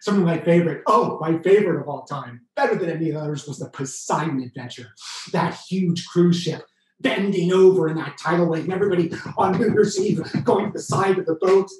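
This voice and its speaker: A man telling a comic solo story, exuberant and pulling the audience in, with sudden high yelps. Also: a little fast, roomy sound, poor audio. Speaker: solo performer.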